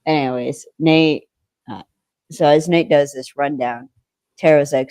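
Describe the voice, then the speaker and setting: Woman, casual recap chat, quotes characters, throat-clearing, dry recording. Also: sits low, steady tone, measured pace, darkish tone, no echo. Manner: rambling, recaps scenes with quoted lines. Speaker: podcast co-host.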